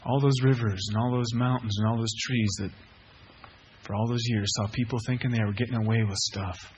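A man preaching a sermon with animated swings from loud outbursts to hushed lines, mixing in casual asides and self-mocking humor. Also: mid-range voice, brisk, dull audio, a little hiss or hum. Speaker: pastor.

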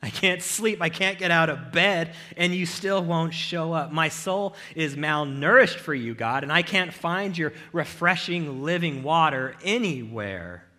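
A man voicing an anguished psalmist who cries out to God, loud and pleading. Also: a little high, lively intonation, unhurried, hardly any pauses, voice pushed up. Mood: desperate.

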